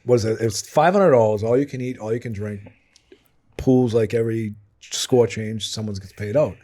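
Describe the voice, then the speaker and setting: A man's voice: on the low side, normal speed, mellow. Swearing man telling stories. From Medford and Malden, Massachusetts. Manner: profane, rambling storyteller who keeps adding "right?". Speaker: podcast host. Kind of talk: casual storytelling among friends.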